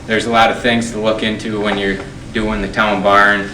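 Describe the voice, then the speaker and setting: A man running for highway superintendent, answering slowly and hesitantly. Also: background noise. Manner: slow, flat, hesitant. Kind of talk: unscripted forum answer. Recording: roomy hall, far from mic.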